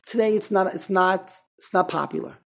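High-voiced man giving a rambling class. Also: moderate pace, gravelly, fairly bright tone. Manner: rambling, self-interrupting, frequent restarts. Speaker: rabbi teaching a class. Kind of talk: informal Torah lecture to a small group.

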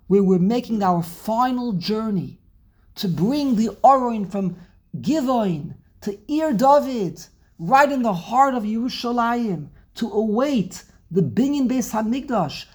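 A woman teaching an animated Torah class, emphatic and dramatic, with rhetorical questions and frequent restarts. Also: fairly high pitch.

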